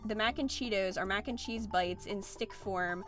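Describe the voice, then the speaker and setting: A young woman gaming streamer chats casually while she plays, reading viewer comments aloud in a playful, filler-heavy way. Her voice is medium-pitched at a moderate pace, with faint music behind her.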